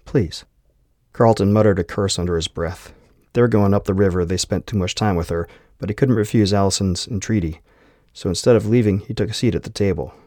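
Male audiobook narrator, lowish voice, dry close recording, steady reading. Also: brisk, no echo.

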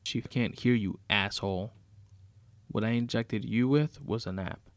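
A man's voice: on the low side, a little slow, no room sound. A man reading a horror story aloud, voicing a vengeful scheming woman who taunts her captive in a sarcastic, mocking way. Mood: taunting.

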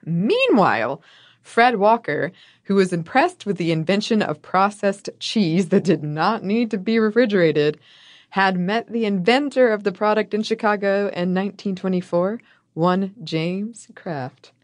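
A woman's voice: mid-range voice, expressive, moderate pace, no echo, clean studio sound. A woman co-hosting a podcast, reading a scripted history and trading wry, playful jokes with her co-host. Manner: wry, playful, laughs often. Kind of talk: scripted history storytelling with banter.

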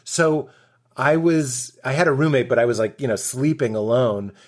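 A man's voice: medium pitch, moderate pace. A man, a comedian guest on a podcast, chatting casually and telling stories with lots of acted-out quotes and laughter. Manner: animated storytelling, acts out quotes, laughs often.

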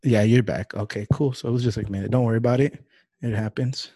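Young guy hosting a podcast on a video call, animated, dry close sound. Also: mid-range voice, fast, dry recording. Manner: animated, acts out quotes in a raised voice. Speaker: podcast host. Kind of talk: casual interview chat.

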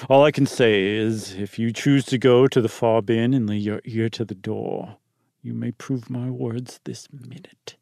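A man's voice: medium pitch, fairly even intonation, measured pace, gravelly, darkish tone, no echo, clean studio sound. A man voicing a superstitious, stubborn male butler with old-fashioned folksy speech while reading a story aloud. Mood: insistent.

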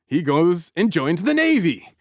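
A man hosting a podcast, telling a story in casual chat, jokey and animated, often acting out what people said. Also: on the high side, a little slow, no room sound, studio quality. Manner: animated, jokey, acts out quotes. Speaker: podcast host.

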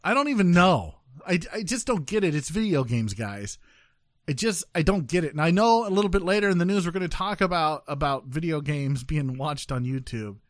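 A man's voice: fairly high pitch, fairly quick, no room sound, studio quality. A man hosting a casual news podcast, joking and rambling with many fillers and restarts. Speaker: podcast host.

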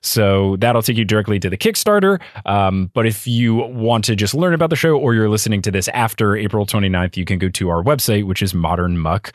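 A young man with a lowish voice talks as a guest on a podcast, gushing with warmth about a show he loves. His voice is close and dry, with no room sound around it. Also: expressive, fairly quick, few pauses, no echo. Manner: enthusiastic, gushing. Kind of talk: casual chat.

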